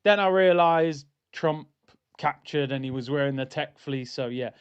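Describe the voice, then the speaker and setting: This young man's voice is a little high and clean in tone, delivered at a moderate pace. He's casually chatting on a live stream ahead of a football match, trading animated, exasperated banter with his audience.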